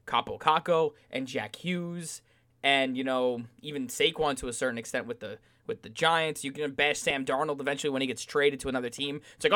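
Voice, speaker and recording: A man's voice: mid-range voice, brisk, a bit bright. A man co-hosting a casual sports podcast, talking animatedly and mocking fans with sing-song asides.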